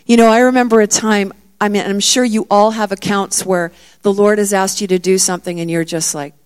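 A woman's voice: medium pitch, fairly even intonation, a little fast. A middle-aged woman preaching a sermon, telling the story vividly and acting out the disciples' words with rising emphasis.

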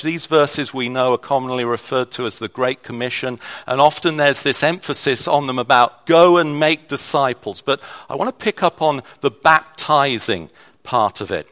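A man's voice: mid-range voice, normal speed, fairly bright tone. A man preaching a sermon in a conversational way, with restarts and shifting emphasis.

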